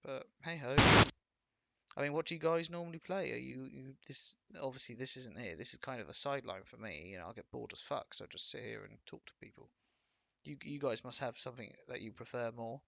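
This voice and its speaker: A man's voice: medium pitch, brisk, creaky, bright, forceful tone, slight background noise. An English man from Wiltshire hosting a livestream, rambling and swearing freely in casual chat on a close mic. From Wiltshire, England. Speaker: livestream host.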